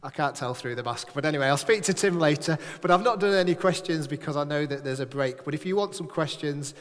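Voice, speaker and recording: A man's voice: fairly high pitch, fast. A man leading a church service, giving notices in a chatty, joking, rambling way to a live congregation. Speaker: church leader. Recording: echoey hall.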